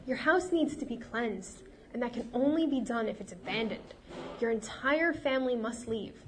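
A woman's voice: on the high side, animated, normal speed, a little hiss or hum, lightly acted. A woman playing a sly, sweet-talking healer. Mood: commanding. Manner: sweet, soothing, feigned sympathy. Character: cunning woman healer, sweetly falsely sympathetic.

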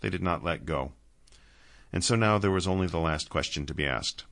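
A man reading a story aloud in a measured, steady way. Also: low voice, gravelly. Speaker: narrator. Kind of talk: audiobook narration.

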